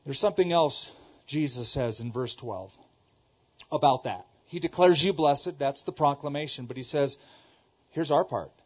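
In a dull, lo-fi sermon recording, a middle-aged male pastor from Southern California delivers his message with emphasis. His husky, medium-pitched voice moves at a normal speed, repeating key lines and alternating loud exclamations with quiet asides.

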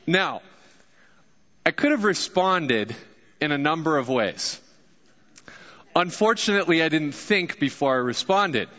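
A young man preaches with a bright, forceful voice, chatting casually and joking with the congregation. His voice rings through a large church hall with a long echo, and the recording sounds a little dull. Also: fairly high pitch, lively intonation, a little slow. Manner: casual, joking, addresses crowd directly. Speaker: guest pastor. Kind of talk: sermon.

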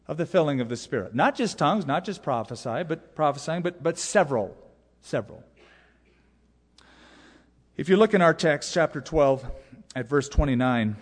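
A man, a pastor, preaching a sermon with emphatic, repeated key phrases. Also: on the high side. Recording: long hall reverb.

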